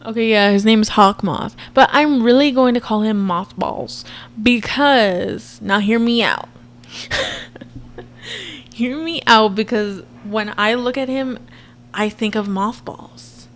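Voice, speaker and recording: A woman in her twenties giving a chatty, expressive reaction commentary to her viewers. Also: a little high, takes it slowly, pauses often, a little hiss or hum. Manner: chatty and expressive, frequent laughs and asides to viewers. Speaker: reaction vlogger.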